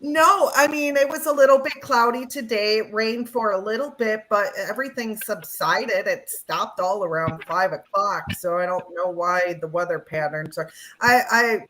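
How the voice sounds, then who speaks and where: A woman's voice: medium pitch, normal speed, hardly any pauses, pushed and bright, a little hiss or hum, low-quality recording. A woman guest in a casual interview, talking in a rambling way with many fillers.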